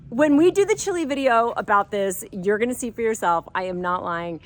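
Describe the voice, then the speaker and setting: Middle-aged woman, vlogger storytelling, playful, giggles, swings pitch when quoting people. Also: moderate pace. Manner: animated, acts out quoted voices with big pitch jumps. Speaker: vlogger telling a personal story. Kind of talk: casual storytelling.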